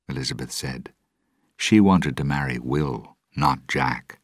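A man narrating a storybook aloud in a measured, expressive way. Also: very deep voice, no echo, studio quality. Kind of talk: storybook reading.

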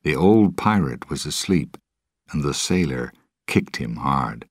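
A man narrating a storybook chapter with an extremely deep voice, unhurried and deliberate. His tone is husky and the recording is dry and close. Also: no room sound. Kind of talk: storybook reading.

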